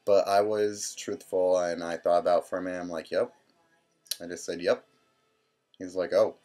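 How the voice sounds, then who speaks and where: A man's voice: low voice, flat delivery, brisk, warm tone, soft background music. A man in his twenties telling a personal story casually, rambling and quoting people. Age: 20s. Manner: rambling, full of "I'm like" quotes. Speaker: vlogger.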